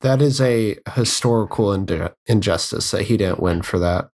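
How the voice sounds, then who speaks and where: A man's voice: fairly low pitch, normal speed, a little mellow. A man co-hosting a casual film podcast, who drops short, dry, wry quips. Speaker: podcast co-host.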